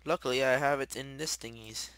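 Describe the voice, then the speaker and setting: A young man giving rambling, excitable commentary while playing a video game. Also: medium pitch, fairly quick, clean tone, no echo. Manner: chatty, rambling, excitable, shouts when startled. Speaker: gamer. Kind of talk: casual gameplay commentary.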